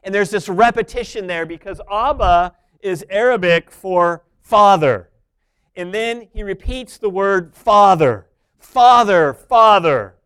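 A man preaching a sermon, moving between soft, intimate asides and loud, emphatic points. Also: high voice, clean tone. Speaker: pastor.

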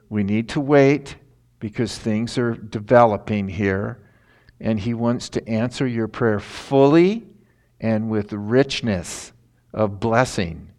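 A man's voice: on the low side, a little mellow. A man preaching a sermon in a conversational, folksy way that rises into emphatic passages.

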